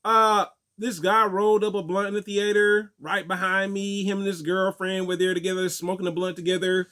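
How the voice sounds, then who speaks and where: A young man telling stories and answering viewer questions in a casual, animated way, laughing often. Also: high voice, moderate pace. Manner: animated storytelling, laughs often, acts out quotes. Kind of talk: casual chat.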